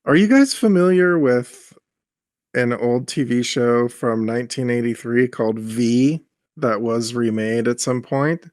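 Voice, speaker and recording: A male podcast co-host in casual movie-review chat. He is mid-pitched and animated, and he strings one thought into the next. The sound is dry, with no room echo. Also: a little slow. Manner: animated, builds long run-on explanations.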